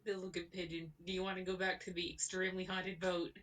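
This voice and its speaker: A woman's voice: on the low side, flat delivery, fast, a bit bright. A woman narrates a tabletop game as its game master, wandering through her descriptions with plenty of ums and restarts. Her voice is set back a little from the mic, so it sounds slightly distant. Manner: rambling, many fillers and restarts.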